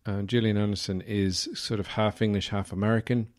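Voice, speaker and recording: A man's voice: fairly low pitch, level tone, a little fast. Rambling Irish man hosting a podcast. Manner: rambling, sweary, full of fillers. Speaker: podcast host. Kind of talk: casual chat.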